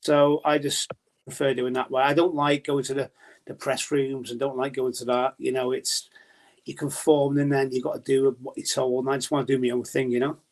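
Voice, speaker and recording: A man's voice: medium pitch, level tone, moderate pace. A man talking as a podcast guest about his darts journalism in a casual, rambling way with many restarts.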